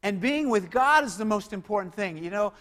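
A man preaching a sermon, swinging between loud exclamations and hushed, quiet lines. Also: sits high, expressive, a little fast. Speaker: pastor. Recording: long hall reverb.

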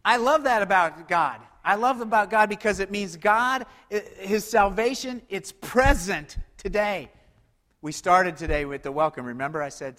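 A man preaching a sermon, swinging between loud exclamations and hushed, quiet lines. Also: sits high, moderate pace. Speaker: pastor. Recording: long hall reverb.

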